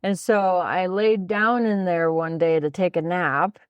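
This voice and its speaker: A woman's voice: lowish voice, steady tone, unhurried, clean tone, no room sound, highs cut off. A woman in a casual podcast conversation, telling a story with frequent restarts and bits of laughter. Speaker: podcast guest, host's sister.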